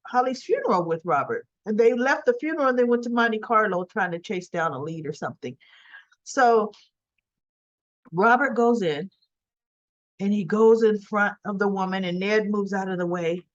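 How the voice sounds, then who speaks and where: A woman's voice: medium pitch, lo-fi sound. A woman giving a chatty, casual daily recap of a soap opera episode. She laughs often and acts out the characters' lines.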